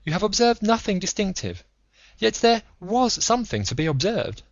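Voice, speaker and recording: A man voicing a calm, analytical male detective who lectures in a measured, methodical way, in an audiobook reading with a dull, dry sound. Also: sits high, no room sound, voice pushed up. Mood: lecturing.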